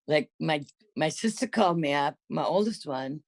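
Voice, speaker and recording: A woman's voice: sits low, lively intonation, normal speed, no room sound. An older woman casually reminiscing in conversation, rambling and often correcting herself mid-sentence. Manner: rambling, self-correcting storyteller.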